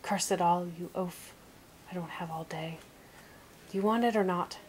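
A woman's voice: fairly low pitch, little pitch movement, normal speed, a little mellow, slight background noise, close to an everyday voice, poor audio. A woman voicing a grumpy, scornful little male troll in a nasal, barking manner, as whispered role-play. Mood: impatient. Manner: barking, bossy, sneering.

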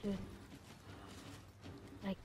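A woman's voice: drawn-out words, very noisy. A young woman giving casual gameplay commentary, slangy and stammering as she teases her opponents. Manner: slangy, stammering, mock-trash-talking opponents. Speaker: gamer.

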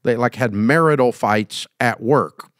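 A man's voice: medium pitch, a little slow, dry recording, studio quality. A middle-aged man, hosting and giving business advice in a casual, folksy, emphatic way. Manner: folksy, emphatic, acts out quoted scenes.

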